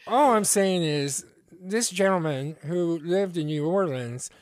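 A man's voice: high voice, animated, measured pace, no echo, clean studio sound. A man from the Pittsburgh area hosting a podcast, telling rambling, profane stories in casual chat. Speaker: podcast host.

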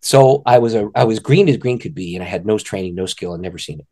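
A middle-aged man, an author and ministry director, telling a personal story in an interview with lively delivery and frequent laughter. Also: fairly low pitch, fast. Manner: lively, laughs often, acts out voices in stories.

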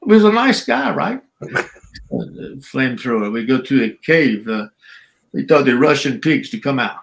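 An older man with a gravelly, creaky edge to his voice, chatting as an interview guest. He rambles through stories, laughs a lot and acts out voices along the way. His pitch sits in the middle for a man. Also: very animated, normal speed, pauses often, poor audio. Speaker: guest, former wrestler and referee. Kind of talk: casual interview storytelling.

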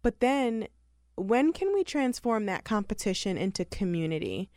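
A woman's voice: medium pitch, big pitch swings, moderate pace, darkish tone, dry recording, clean studio sound. A woman hosting a podcast interview, affirming and encouraging her guest. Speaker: podcast host. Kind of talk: casual interview chat.

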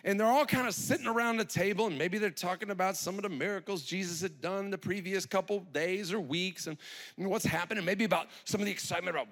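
Male pastor, middle-aged, lively conversational sermon with a bright, high, animated delivery. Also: fast. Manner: conversational, animated storytelling with rhetorical questions.

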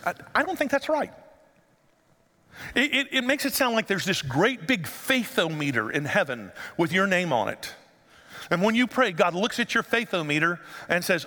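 A male pastor giving an animated sermon in a church sanctuary and asking the congregation rhetorical questions. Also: high-pitched, normal speed. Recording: long hall reverb.

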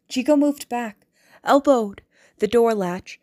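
A woman reading a novel aloud as audiobook narrator, in a measured, deliberate way. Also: mid-range voice, mellow.

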